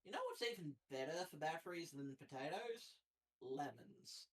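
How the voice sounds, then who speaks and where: Player at a tabletop game, casual and jokey, animated pitch. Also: moderate pace. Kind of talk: casual play chat.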